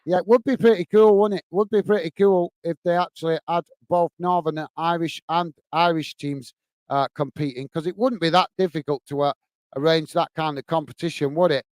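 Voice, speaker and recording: A man from the UK hosting a live football fan stream. He chats casually with viewers, reads out their comments and the scores, fills pauses with "uh" and calls everyone "mate". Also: a little high, fairly even intonation, darkish tone, dry recording. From United Kingdom. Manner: chatty, says "mate" a lot, many fillers.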